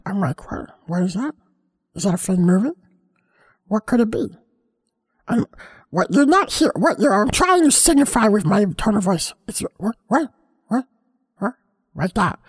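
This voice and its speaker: A high-voiced, easily distracted house cat, played by a woman, talks through a comic monologue. She meanders, stops herself mid-thought and carries on with playful earnestness. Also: heavily acted.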